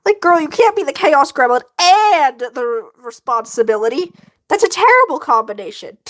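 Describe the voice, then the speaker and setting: Woman streamer, high voice, swings all over the place; excitable, curses freely. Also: moderate pace. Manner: excitable, swearing, shrieks when worked up. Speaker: livestreamer. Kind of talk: casual livestream chat with viewers.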